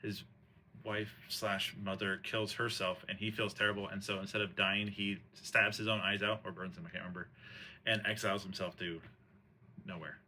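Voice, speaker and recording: A man's voice: lowish voice, level tone, normal speed, pushed and bright, slight background noise. A man retelling an old tragedy in a casual, rambling way, full of slang, fillers and restarts. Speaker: host retelling a play. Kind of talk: casual storytelling chat.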